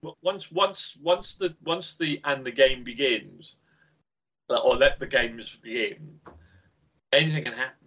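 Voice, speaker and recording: A man with a bright, slightly husky voice chats as a podcast guest. He tells anecdotes animatedly, his pitch swinging up and down. The recording sounds dull and lo-fi. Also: measured pace. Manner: animated storyteller, laughs while telling anecdotes. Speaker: game company founder, podcast guest. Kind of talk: casual podcast conversation.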